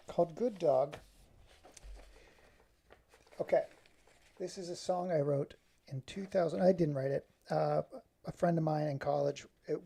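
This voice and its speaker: A man's voice: a little high, creaky, warm tone, slightly rough. A man talking casually to the camera in a rambling, self-deprecating way. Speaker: vlogger.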